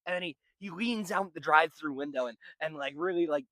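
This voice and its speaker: A man's voice: fairly high pitch, brisk, fairly bright tone, no echo. A young man telling a rambling, profane story in a casual vlog. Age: young adult. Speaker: vlogger.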